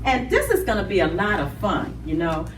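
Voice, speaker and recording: A woman hosting children's storytime in a library. She speaks to small children in an animated way and draws out her words. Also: medium pitch, a little fast, a little hiss or hum. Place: library room. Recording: roomy, distant mic.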